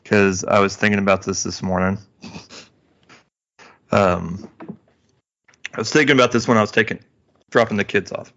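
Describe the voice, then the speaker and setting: A man co-hosting a podcast in casual chat, rambling with halting restarts and cracking dad jokes. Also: on the low side, steady tone, a bit bright, highs cut off. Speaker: podcast co-host.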